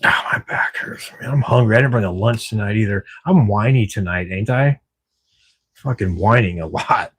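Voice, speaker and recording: Lower-voiced, chatty livestreaming man. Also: normal speed, a bit bright, slightly rough. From Washington State, US. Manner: chatty, laughs easily, swears casually. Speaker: livestream host. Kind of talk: casual live-stream chat with viewers. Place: at work at night.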